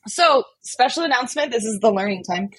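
A woman telling a personal story in a casual, animated way, often saying "like". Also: on the high side, fairly quick, husky, dry recording, rough recording. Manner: animated, chatty, many fillers like "like". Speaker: podcast guest telling a story.

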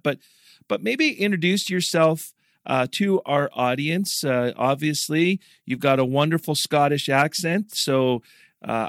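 A man's voice: a little high, fairly bright tone, dry recording, studio quality. A Canadian man hosting a podcast interview, upbeat and friendly, laughing easily. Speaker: podcast host.

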